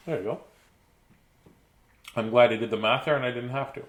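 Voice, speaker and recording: This host, a man in his fifties, does a casual live read-aloud of a children's book, chatting and wandering into asides. His mid-range voice runs a little fast, broken by long pauses.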